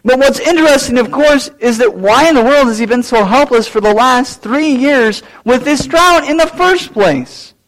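Male preacher with a very high voice; sermon delivery that surges loud, then drops to near-murmured asides. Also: animated, normal speed, hardly any pauses, poor audio. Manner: dramatic swings between loud, raised lines and low, quiet asides. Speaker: pastor.

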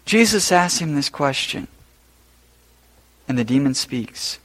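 A man preaching a sermon as pastor, rising to loud emphatic peaks and then dropping low and quiet. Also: lively intonation, slow pace, rough recording.

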